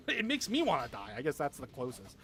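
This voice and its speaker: A man's voice: fairly high pitch, huge pitch swings, normal speed. A young man chatting casually with viewers on a gaming livestream, rambling, swearing a lot and laughing often.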